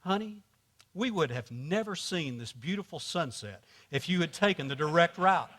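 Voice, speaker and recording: A man's voice: a little high, animated, moderate pace, a bit bright. A man voicing an affectionate wife who speaks sweetly and coaxingly. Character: sweet-talking adult wife, affectionate woman.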